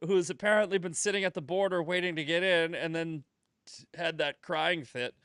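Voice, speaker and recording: A man hosting a casual political chat podcast, profane and animated, slipping into voices when he tells jokes. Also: fairly high pitch, moderate pace, smooth, no room sound, clean studio sound. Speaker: podcast host.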